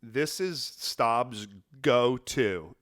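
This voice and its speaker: A man's voice: medium pitch, animated, extremely slow, fairly bright tone. A young man co-hosting a podcast, reading bad jokes aloud and giggling as he goes. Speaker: podcast co-host. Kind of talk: casual podcast banter.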